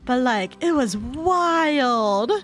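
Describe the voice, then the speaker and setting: Young female streamer, high and very animated, cursing freely as she tells a story. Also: drawn-out words. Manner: profane, animated, laughs often. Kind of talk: casual storytelling chat.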